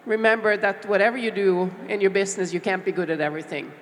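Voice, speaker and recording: A middle-aged woman from Norway, speaking on a panel as a small business owner, heartfelt and reflective with many pauses and fillers. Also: medium pitch. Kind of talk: panel discussion talk. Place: large expo hall stage. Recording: long hall reverb with faint background noise.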